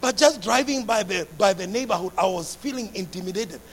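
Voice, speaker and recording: Very high-voiced impassioned male preacher. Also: expressive, a little fast, a little hiss or hum. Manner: impassioned, builds to shouting, repeats phrases. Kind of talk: sermon.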